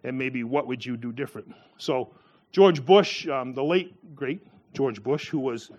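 A man giving a sermon in a loose, conversational way, full of fillers and restarts, who jumps up in pitch when he acts out the people in his stories. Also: a little slow, dull audio. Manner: acts out quoted voices with a sharp rise in pitch. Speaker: preacher.

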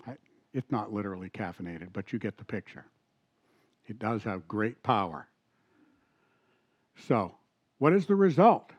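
A middle-aged man preaching a sermon in a church, talking conversationally, asking the congregation questions and reading scripture slowly. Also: on the low side, animated, breathy edge, dry recording, dull audio. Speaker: pastor. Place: church sanctuary.

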